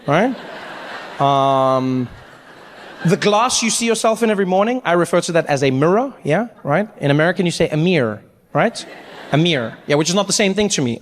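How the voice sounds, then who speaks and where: A middle-aged man with a South African accent doing animated, self-mocking stand-up storytelling. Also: fairly high pitch, in a large hall, slight background noise. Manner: animated, self-mocking, rising to near shouts. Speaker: stand-up comedian.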